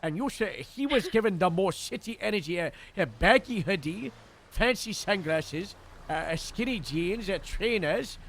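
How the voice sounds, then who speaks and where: A man's voice: high voice, lively intonation, moderate pace, fairly bright tone, a little hiss or hum. A man roleplaying a police lieutenant, hesitant and full of fillers as he explains things in character. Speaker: streamer playing a police lieutenant.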